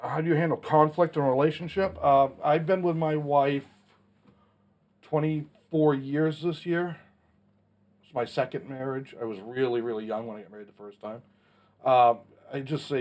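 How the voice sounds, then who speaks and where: Speaking at a moderate pace in a medium-pitched, darkish voice, a man in his forties answers questions on his casual vlog. He has the hiccups and talks bluntly and plainly, with a bit of mild swearing.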